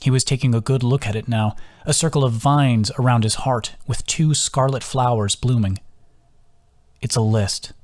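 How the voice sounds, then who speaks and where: A man, the author, reading his own novel as an audiobook in a calm, even storytelling manner. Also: mid-range voice, normal speed, few pauses, dry recording, clean studio sound. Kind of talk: audiobook narration.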